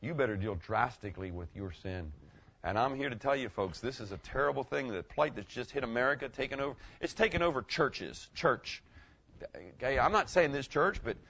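A middle-aged man preaching a sermon as pastor, swinging between loud emphatic lines and hushed ones. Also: mid-range voice, lively intonation, a little fast, husky, lo-fi sound. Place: church.

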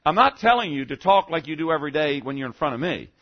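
A man's voice: on the high side, sing-song, fast talker, muffled recording. A male pastor giving a rambling, conversational sermon, full of rhetorical questions and repeated "okay?" checks with the congregation. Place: church service.

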